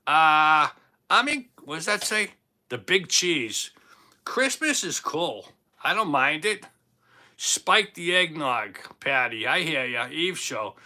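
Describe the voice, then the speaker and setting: Bright, chatty Boston-accented man. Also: on the high side, very animated, takes it slowly. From Boston, Massachusetts. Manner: jokey, chatty, self-teasing. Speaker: livestream host. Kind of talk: casual livestream chat reading viewer comments.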